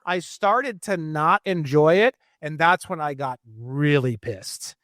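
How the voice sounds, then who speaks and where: Man ranting fast and profane, raised pitch, dry close recording. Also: fairly bright tone, dry recording. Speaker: guest. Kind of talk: casual interview talk.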